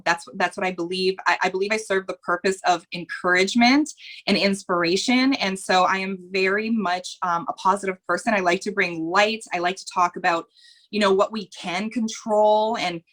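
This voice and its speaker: A woman with a mid-range, fairly bright voice is a guest on a podcast interview. She's earnest and candid, talking in long rambling stretches that repeat phrases and sometimes become emotional.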